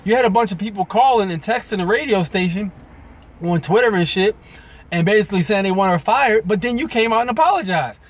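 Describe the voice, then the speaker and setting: A man's voice: high voice, expressive, brisk. A man venting in a profane, rambling commentary to his viewers. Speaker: video blogger. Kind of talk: ranting commentary to camera.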